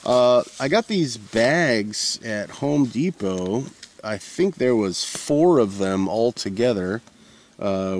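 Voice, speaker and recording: A man's voice: medium pitch, a little mellow, a little hiss or hum. A man rambling casually at a winter forest camp, meandering with lots of uhs and restarts. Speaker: vlogger.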